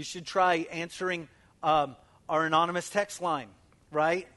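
A man preaching a sermon as pastor, emphatic and calling out to his congregation, swinging between loud declarations and hushed near-whispers. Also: fairly high pitch, fairly even intonation, unhurried.

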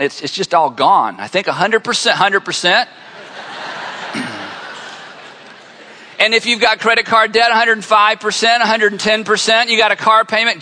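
A middle-aged man preaching a conversational sermon to a congregation, telling stories with lively energy. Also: high voice, moderate pace, long pauses. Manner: conversational, animated storytelling. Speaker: pastor. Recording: long hall reverb.

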